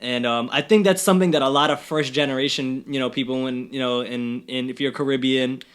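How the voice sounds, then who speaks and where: Podcast host guy rambling along, lots of you know, bright voice. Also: medium pitch, steady tone, a little fast, clean tone. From New York. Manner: rambling, many fillers and restarts. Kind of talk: casual interview chat.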